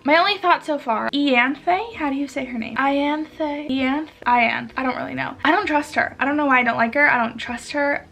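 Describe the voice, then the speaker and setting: A woman vlogger chatting casually on camera, excitable and rambling as she gushes over what she has read. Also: sits high, creaky. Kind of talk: casual reading vlog chat.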